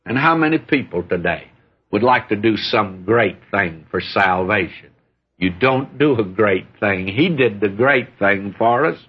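A husky-voiced man preaching a sermon in a folksy, storytelling way. He reads scripture aloud between homely asides to his listeners. The recording is dull and lo-fi. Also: on the low side, animated, measured pace.

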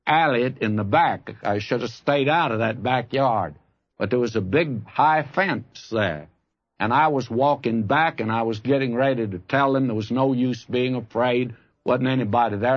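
A man's voice: mid-range voice, no room sound, lo-fi sound. A man preaching a sermon, telling a personal story in a folksy, earnest way and rising to fervent appeals to his listeners. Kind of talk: radio Bible sermon.

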